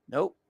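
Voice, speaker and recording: A man's voice: fairly bright tone, no room sound. A middle-aged man hosting a casual live-stream show, ranting with exasperated sighs, rambling restarts and trailing remarks. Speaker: show host.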